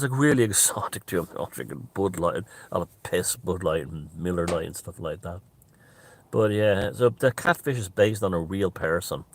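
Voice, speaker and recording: A man telling a rambling story in casual talk, repeating phrases and restarting often. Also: sits low. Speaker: author and storyteller.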